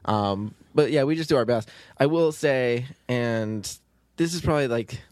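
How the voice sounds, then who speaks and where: A man's voice: medium pitch, normal speed, darkish tone, clear, resonant tone, dry recording. A man hosting a casual podcast chat, easygoing and agreeable, often nodding along with short replies. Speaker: podcast host and show creator.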